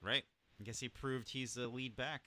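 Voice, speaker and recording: A man co-hosting a football podcast, giving laid-back, measured answers in casual chat. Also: medium pitch, fairly even intonation, pushed and bright. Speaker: podcast co-host on a call.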